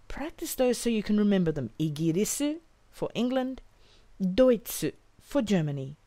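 A woman teaching a language lesson, modelling each phrase slowly and carefully for learners to repeat. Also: on the low side, sing-song, dark tone, no echo.

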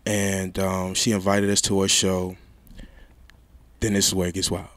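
A young man, a rapper guest, telling a story in a casual interview, loud and laughing, jumping between low mutters and high exclaims. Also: completely flat delivery, measured pace.

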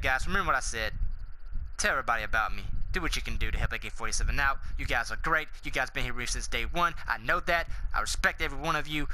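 Brash, sharp-voiced gaming host ranting. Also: male voice, on the high side, a little hiss or hum, rough recording. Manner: loud, profane, swaggering trash talk; goofy and self-mocking, veering into hype. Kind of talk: rambling outro rant to viewers.

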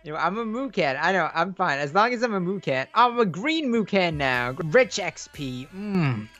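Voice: medium pitch, sing-song, moderate pace, fairly bright tone, soft background music. A co-player in casual gaming chat, easygoing and often laughing.

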